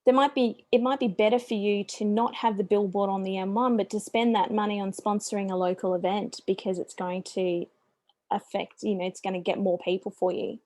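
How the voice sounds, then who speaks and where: A woman's voice: medium pitch, steady tone, fairly quick, dark tone, dry recording. A middle-aged Australian woman giving a business presentation as a small business coach, chatty and upbeat with friendly asides.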